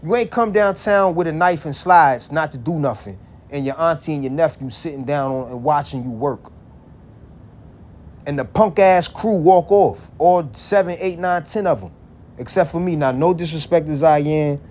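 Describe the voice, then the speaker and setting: A man's voice: fairly high pitch, moderate pace, darkish tone. A man in a blunt, profane, preachy rant, quoting scripture and laughing between points. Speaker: religious vlogger. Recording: dull lo-fi recording with faint vehicle noise.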